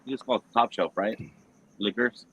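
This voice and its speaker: A man's voice: on the low side, normal speed, a bit bright, highs cut off, slight background noise. A man hosting a livestream among friends, chatting casually and swearing as he jokes. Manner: profane, joking. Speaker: livestream host. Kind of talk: casual chat.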